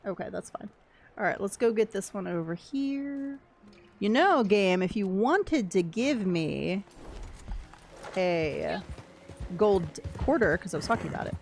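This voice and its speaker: A woman's voice: mid-range voice, animated, measured pace, creaky, faint music behind. An American woman talks her way through a game livestream in a loose, chatty voice. She answers chat as she plays and keeps up an easy running commentary on the game. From United States. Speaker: game streamer.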